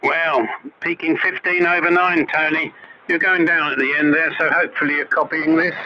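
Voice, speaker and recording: A man's voice: a little high, fairly even intonation, normal speed. A man running an amateur radio net, giving signal reports and chatting in a friendly way. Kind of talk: casual radio net chat. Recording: heavy static on muffled AM shortwave reception.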